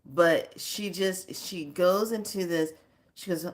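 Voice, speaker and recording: A woman who teaches spirituality, telling a story casually in a drawn-out way, full of filler phrases. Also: fairly low pitch.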